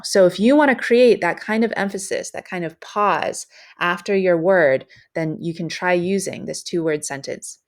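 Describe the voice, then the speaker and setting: Woman teacher, lower voice, measured and explanatory, with frequent fillers. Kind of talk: recorded writing lesson.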